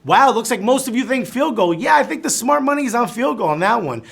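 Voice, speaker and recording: A man's voice: extremely high pitch, expressive, fairly quick, gravelly, fairly bright tone, husky. A Cuban American man hosting a live trivia game show, reading questions and cracking chatty jokes between them.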